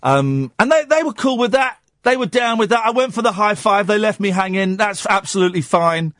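A Yorkshire man in his forties hosts a radio show, his voice sitting high with lively intonation and a brisk, slightly bright delivery. In this casual monologue he reads news items, then riffs on them with sardonic, self-mocking humor. The studio sound is clean, with no room sound.

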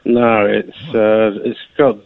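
Male phone-in caller, low voice, hesitant and weary, heard down a thin dry phone line. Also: fairly even intonation, slow pace. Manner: hesitant, low-key, many fillers. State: tired. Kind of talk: phone-in call.

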